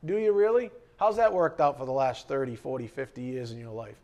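A man's voice: mid-range voice, expressive, brisk, darkish tone. A man, a pastor preaching a sermon from the pulpit, who repeats key phrases and asks the congregation rhetorical questions. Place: church, behind the pulpit.

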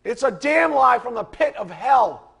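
A middle-aged man preaching a fiery sermon to a class, building to angry shouting. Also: extremely high pitch, big pitch swings, unhurried, breathy edge. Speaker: preacher teaching a Bible class.

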